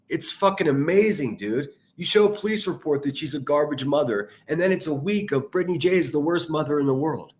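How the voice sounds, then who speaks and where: A man's voice: a little high, lively intonation, fairly quick. Profane, ranting man reacting to clips. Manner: angry, profane, shouting insults. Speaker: commentary youtuber.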